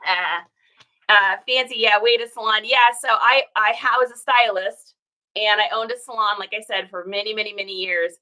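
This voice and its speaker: A bright, forceful woman in her forties, stuffed up from a cold, rambles in an easy casual way while she packs orders. She is from Washington State and drifts from thought to thought, leaning on filler words as she chats to her viewers. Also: medium pitch, steady tone, moderate pace, low-quality recording. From Washington State, USA. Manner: rambling and chatty, full of "like" and "situation". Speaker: reseller vlogger. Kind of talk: casual vlog chat.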